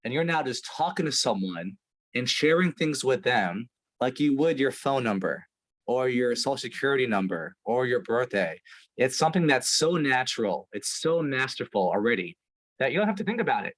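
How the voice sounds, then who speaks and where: A man's voice: medium pitch, lively intonation, moderate pace, a bit bright, low-quality recording. A man coaching a sales team over a video call, talking emphatically with lots of "right?" and "like". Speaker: sales trainer.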